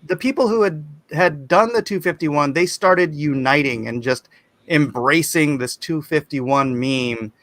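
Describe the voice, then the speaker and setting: Slow-talking man hosting a casual stream. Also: a little high, no room sound. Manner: chatty, reads chat aloud, animated bursts. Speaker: livestream host. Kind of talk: casual livestream chat.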